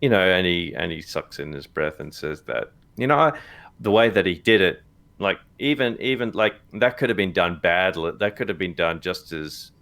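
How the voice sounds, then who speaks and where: Low gravelly man chatting casually. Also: fairly bright tone. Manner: halting, many fillers and restarts, chuckles often. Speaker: watch-party co-host. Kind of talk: casual chat reacting to a TV episode. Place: live stream setup.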